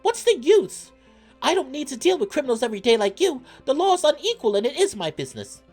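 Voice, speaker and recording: A shrill, touchy little fluffy guy. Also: very animated, fast, darkish tone, faint music behind. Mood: huffy. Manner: shrill, indignant outbursts. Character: small fluffy male tavern guest, touchy and boastful.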